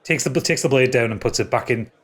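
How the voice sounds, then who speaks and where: A man's voice: medium pitch, fast talker, husky. A man narrating as game master of a tabletop game, often stopping and repeating words.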